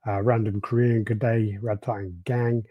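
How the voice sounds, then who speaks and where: A man's voice: fairly low pitch, little pitch movement, normal speed, background noise. A man co-hosting a podcast, laid-back and jokey, greeting live chat and chatting casually. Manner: laid-back, jokey, does silly impressions. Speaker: podcast co-host.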